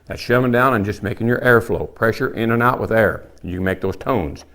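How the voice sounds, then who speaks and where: A man's voice: on the low side, fairly quick, very noisy. An older man with a folksy, plainspoken manner, teaching elk calling and demonstrating the calls as he talks. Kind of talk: hands-on calling tutorial.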